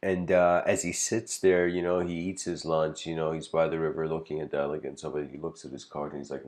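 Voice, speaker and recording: Very deep-voiced man telling a story. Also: little pitch movement, brisk, few pauses, darkish tone. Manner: rambling, heavy on filler words, chuckles often. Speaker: lecturer. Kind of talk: casual storytelling lecture.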